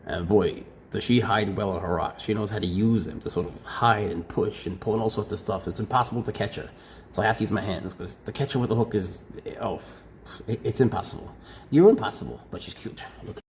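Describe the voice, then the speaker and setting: A man who keeps snakes, talking casually and fondly about them, slipping into doting baby talk and soft whispers. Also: fairly low pitch, fairly quick. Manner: drops to soft whispers at times. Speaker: snake keeper. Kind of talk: casual talk to camera while handling snakes. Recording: faint background noise.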